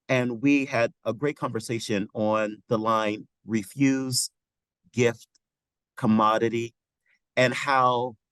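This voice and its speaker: A man's voice: mid-range voice, dry recording, rough recording. Man, teacher in a webinar, reflective, dry close sound. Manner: thoughtful, searching for words. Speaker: teacher participant. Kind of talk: reflective discussion remarks.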